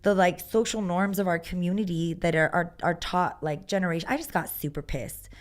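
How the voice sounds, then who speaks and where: A woman's voice: lowish voice, a little fast. A woman, a musician and guest, chatting casually and animatedly, filling her talk with "like" and acting out what people said. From Texas. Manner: animated storyteller, lots of "like", acts out quotes. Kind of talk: casual chat.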